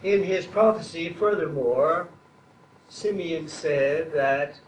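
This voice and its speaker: A man delivers a sermon in a high, unhurried voice, weighing each phrase and building to emphatic repetitions. He is picked up from some distance in an echoey church with faint ambient noise behind him. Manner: slow, deliberate preaching that builds to emphatic repetition. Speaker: traditionalist Catholic preacher.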